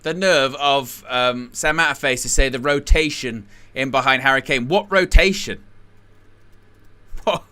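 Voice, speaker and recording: A man's voice: medium pitch, steady tone, moderate pace, hardly any pauses, pushed and bright, clean tone. A man hosting a live football watch-along, talking in a sarcastic, exasperated way. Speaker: host.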